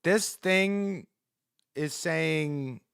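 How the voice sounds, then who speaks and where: A man hosting a live stream, reacting to news in excitable, profane commentary and repeating words in rapid bursts. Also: a little high, vocal fry, smooth, no room sound, studio quality. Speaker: livestream host.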